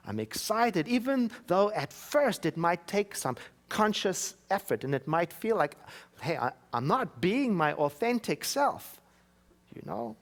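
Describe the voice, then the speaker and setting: A man giving a sermon as minister, telling personal stories with wry, self-mocking humor. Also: a little high. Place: church.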